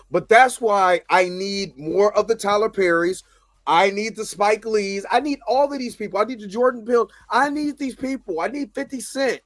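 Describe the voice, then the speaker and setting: A man's voice: sits high, lively intonation, normal speed, no room sound. A man hosting his own show, ranting casually with lots of repetition. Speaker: show host. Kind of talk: casual commentary.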